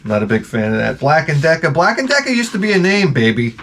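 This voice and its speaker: A middle-aged man vlogging in a loose, storytelling way, cursing freely and launching into worked-up rants. His voice sits a little high for a man, and a faint hiss runs under the recording. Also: fast talker. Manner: profane, animated, ranting with put-on exasperated quotes. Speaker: vlogger showing garage sale finds. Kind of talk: casual storytelling vlog.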